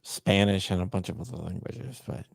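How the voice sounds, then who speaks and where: A man hosting a casual chat, telling stories in a relaxed way. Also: deep voice, moderate pace, vocal fry, husky, dry recording, studio quality. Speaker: host.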